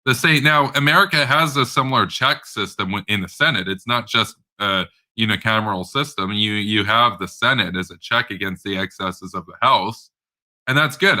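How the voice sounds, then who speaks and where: A man's voice: on the low side, brisk, sharp tone. A man giving a casual political rant, rambling and blunt, with many fillers, stammered restarts and sarcastic asides. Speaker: political commentator.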